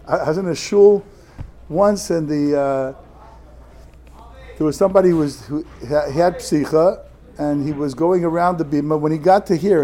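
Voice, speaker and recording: A man giving a Torah lecture to students, talking in halting bursts with many restarts and Hebrew and Yiddish terms. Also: fairly high pitch, mellow. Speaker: yeshiva rebbe.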